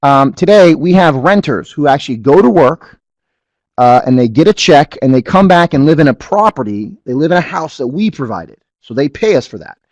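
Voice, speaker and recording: A man's voice: on the high side, normal speed, dry recording. A middle-aged man giving a business webinar, telling a family story and often asking the audience whether it makes sense. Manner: animated storyteller, asks the audience to agree. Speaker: webinar presenter.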